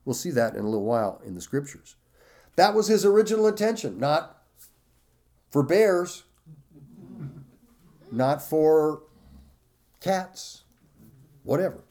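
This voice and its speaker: A man preaching a sermon, slow and emphatic, stressing and repeating key phrases while reading scripture aloud. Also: fairly high pitch, very animated, darkish tone. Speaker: pastor.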